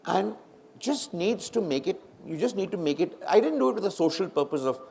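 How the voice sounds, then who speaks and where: A man's voice: sits high, a little fast, vocal fry. A middle-aged man with an Indian English accent, a film director telling stories in a live fireside chat in a large hall, acting out quoted talk. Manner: animated, acts out quoted conversations.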